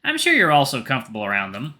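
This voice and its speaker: Visual novel role: a man reading a bashful, joking young guy, bright sharp voice, lively. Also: medium pitch, racing, full character voice. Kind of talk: visual novel read aloud.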